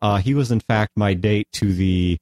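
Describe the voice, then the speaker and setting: A man's voice: lowish voice, normal speed, darkish tone, no room sound, studio quality. A man hosting a casual podcast chat, rambling at length and often stopping to correct himself. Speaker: podcast host.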